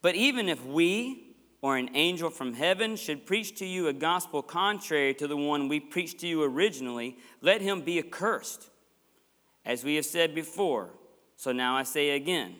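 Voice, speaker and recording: Speaking with a bright, forceful, fairly high voice, this pastor delivers an animated sermon at a moderate pace, passionate and emphatic, with homespun remarks aimed at his congregation. The sanctuary's long hall reverb echoes around him.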